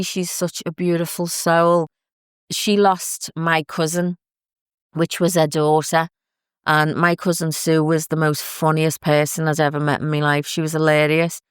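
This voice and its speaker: A woman speaks in a low, even, very smooth voice. She talks gently and from the heart, unhurried, with soft asides along the way. The recording is close and dry, with no room sound. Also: no echo. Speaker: podcast host and psychic medium. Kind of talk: reflective spoken talk.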